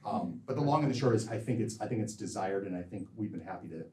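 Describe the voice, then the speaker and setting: A physician answering audience questions after a lecture, talking in long, rambling stretches that stop, restart and repeat words. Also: male voice, lowish voice, expressive, quick pace, mellow, a little hiss or hum. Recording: echoey hall from far off.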